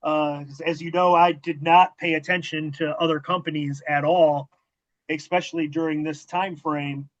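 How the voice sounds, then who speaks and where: A man's voice: on the high side, moderate pace. A man hosting a wrestling interview, telling backstage stories casually, with profanity and acted-out dialogue. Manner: profane, animated storytelling with quoted dialogue. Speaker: podcast host and former wrestling manager. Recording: dull lo-fi audio.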